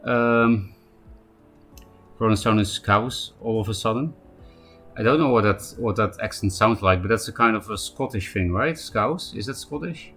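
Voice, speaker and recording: Guy streaming, kinda low voice, rambly, um uh a lot, quiet music in the back. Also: measured pace. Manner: rambling, thinking aloud with fillers. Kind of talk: casual live-stream commentary.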